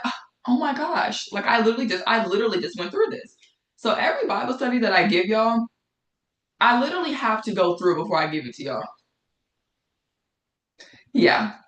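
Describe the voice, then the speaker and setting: A woman's voice: fairly low pitch, fairly bright tone. A woman teaching a Bible study in a conversational way, often repeating phrases for emphasis. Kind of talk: casual spoken Bible study. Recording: echoey room.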